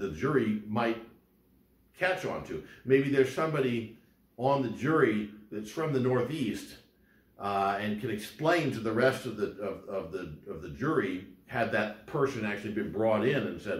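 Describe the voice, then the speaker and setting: A man giving a law lecture in a conversational way, often repeating words and restarting his sentences as he explains. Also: mid-range voice. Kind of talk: recorded lecture. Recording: roomy echo.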